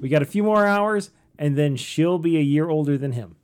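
A man's voice: on the high side, animated, moderate pace, clear, resonant tone. A man co-hosting a casual podcast, talking in rambling, jokey asides. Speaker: podcast co-host. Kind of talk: casual chat.

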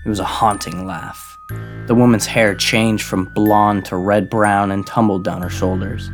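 A man narrating an audiobook in a measured, even reading. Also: on the low side.

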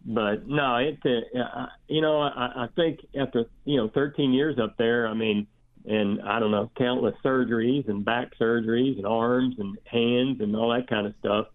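An older man with a drawl calls in as a guest, chatting about family and baseball. He rambles, restarting sentences and filling gaps with "uh" and "you know." His voice comes through a thin, tinny phone line at a middling pitch. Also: fairly even intonation. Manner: rambling, halting, many restarts and fillers. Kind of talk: casual phone interview.

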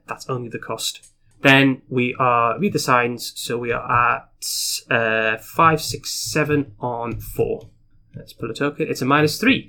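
Playing a card game on his own, a man reads the story text aloud and talks through his moves in a casual playthrough. His voice is medium in pitch, pushed and bright.

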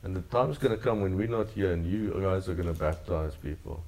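A man's voice: low voice, a little fast, a little mellow. A man preaching a sermon to his congregation, earnest and repetitive in cadence. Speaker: pastor.

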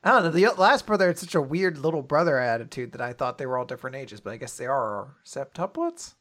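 A man co-hosting a podcast, chatting about a manga in an animated, jokey way. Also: mid-range voice, fast. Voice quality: animated, jokey, laughs easily. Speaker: podcast co-host. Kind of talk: casual chat about a manga.

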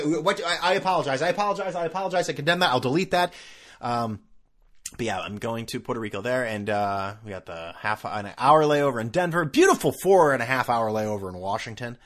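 A man hosting a solo podcast, ranting casually in a sarcastic, profane, rambling way. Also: on the low side. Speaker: podcast host.

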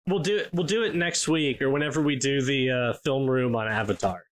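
A man co-hosts a podcast in casual conversation, rambling with plenty of fillers and restarts. He speaks briskly in a mid-range voice.

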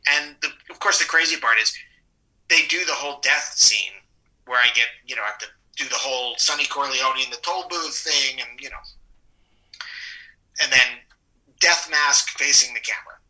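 Bright-voiced man telling animated stories. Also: mid-range voice, moderate pace, low-quality recording. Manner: animated storyteller, laughs often, acts out quoted people. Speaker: actor guest. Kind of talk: anecdotal interview storytelling.

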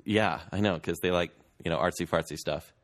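A man's voice: sits low, a little fast, a bit bright. A man co-hosting a casual podcast, chatty and rambling, laughing easily. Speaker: podcast co-host. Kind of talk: casual chat.

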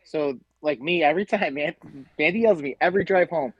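Brisk and slightly rough, with a fairly high pitch, this Western New York man guests on a casual podcast as a tailgate group leader. He rants and tells animated stories full of profanity, and the audio sounds dull.

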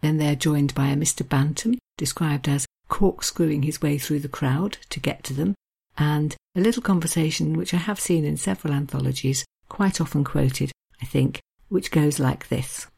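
A woman hosting a narrated talk with readings, in a measured, genteel and appreciative manner. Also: sits low, vocal fry, darkish tone, breathy edge. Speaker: host.

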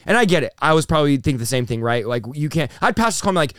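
Excited preacher dude in his 30s, talks nonstop, smooth clear voice, kinda high. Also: no room sound, clean studio sound. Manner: animated, rapid-fire, says bro and dude. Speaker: pastor and revivalist, interview guest. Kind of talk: excited conversational storytelling.

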